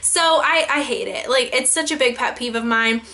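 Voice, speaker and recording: Bright, high-voiced young woman ranting. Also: normal speed. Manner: exasperated, heavy use of "like", animated quoting. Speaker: vlogger. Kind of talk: casual ranting vlog.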